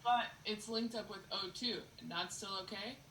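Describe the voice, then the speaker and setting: A woman's voice: mid-range voice, normal speed, a bit bright, a little hiss or hum. A woman student in a chemistry class, asking casual questions and chatting with the instructor. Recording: echoey classroom.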